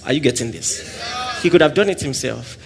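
A man preaching a sermon, swinging between loud exclamations and soft asides and acting out little scenes. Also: mid-range voice, expressive, a little fast, vocal fry, a little hiss or hum. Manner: acts out little scenes with quoted voices and laughter.

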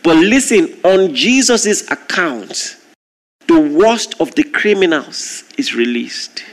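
A man preaching a sermon, retelling a story with lively, acted-out voices. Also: fairly high pitch, slow pace. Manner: animated storytelling, acting out crowd shouts.

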